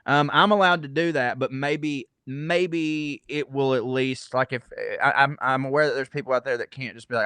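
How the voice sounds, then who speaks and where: A man's voice: medium pitch, fairly even intonation, moderate pace, few pauses, pushed and bright, clear, resonant tone, dry recording. A man in his thirties from Georgia, a comedian guest talking casually, rambling and profane with many restarts. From Georgia, USA. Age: 30s. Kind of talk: casual podcast conversation.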